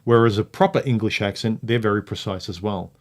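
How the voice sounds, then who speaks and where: A man's voice: fairly low pitch, fairly quick. A man hosting a casual livestream chat from home, blunt and opinionated, hammering his points home. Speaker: livestream host.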